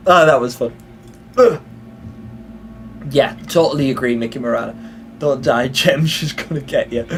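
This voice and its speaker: A man's voice: mid-range voice, normal speed, pauses often, a little hiss or hum. A young British man streaming a game live, chatting casually, reading the chat aloud and laughing often.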